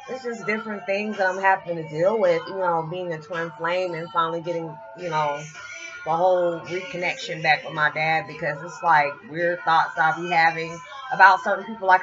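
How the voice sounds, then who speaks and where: A woman's voice: on the low side, normal speed. A woman in her forties talking casually and heartfelt in a rambling spiritual vlog, full of fillers. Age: 40s. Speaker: vlogger. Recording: dull lo-fi with loud music behind.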